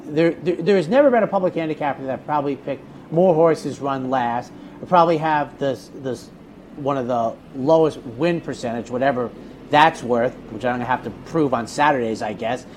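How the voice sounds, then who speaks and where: A man who handicaps horse races tells stories in casual chat on a racing talk show, speaking at medium pitch and normal speed with a little hiss or hum in the background. He's an animated storyteller who often repeats words as he starts a thought.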